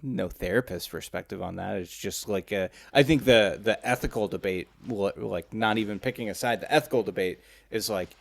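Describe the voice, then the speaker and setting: A man's voice: lowish voice, fairly quick, gravelly, dry recording. A man who works as a therapist co-hosting a podcast, thinking aloud in casual chat, hedging with many fillers.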